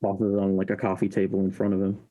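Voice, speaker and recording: A man playing a tabletop game, describing his character's actions in a halting way with many fillers. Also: deep voice, monotone, dark tone, highs cut off. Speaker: player.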